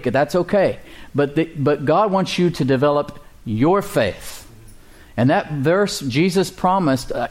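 Pastor guy preaching to his church, asks for amens, slows way down for the bible verses. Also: on the high side, a little mellow. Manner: preaching with call-and-response to the congregation; reads scripture slowly and deliberately. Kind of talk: sermon.

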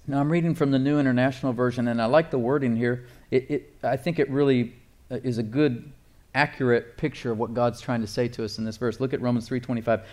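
A male pastor preaching a sermon, emphatic, repeating phrases and reading scripture slowly. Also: medium pitch, fairly even intonation, darkish tone.

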